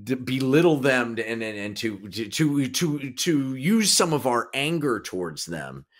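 A man's voice: mid-range voice, big pitch swings. A man in his fifties with a Kansas accent, co-hosting a casual podcast chat and often restarting his sentences. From Kansas, USA. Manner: halting, trailing off and restarting mid-thought. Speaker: podcast co-host, actor.

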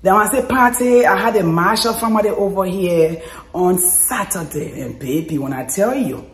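Hoarse, exuberant woman. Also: mid-range voice, animated, normal speed, reverberant. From Liberia. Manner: exuberant, laughs and yells often. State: hoarse from shouting. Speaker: cooking vlog host. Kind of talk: casual chat to camera. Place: home kitchen.

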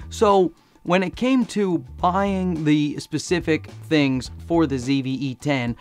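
A man with a hoarse voice from laryngitis, chatting in a joking, self-mocking way as he reviews camera gear for his vlog. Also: a little high, takes it slowly, faint music behind.

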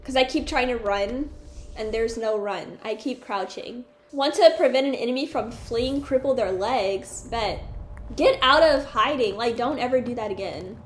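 High-voiced excitable woman gaming. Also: normal speed. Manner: excitable, talks to the screen and enemies. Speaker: gaming streamer. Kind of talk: gameplay commentary. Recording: echoey room with faint hiss.

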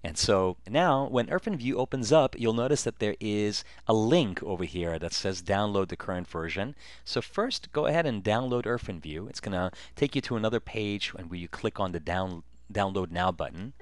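Low-voiced man narrating a software tutorial. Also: normal speed, no room sound. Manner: relaxed step-by-step narration with frequent fillers. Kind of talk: screen-recorded software walkthrough.

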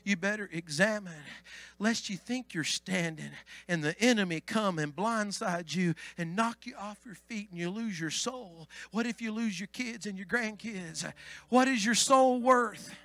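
A man preaching a Pentecostal sermon as pastor, swinging from hushed asides to shouted climaxes. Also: high voice, a little slow, no echo.

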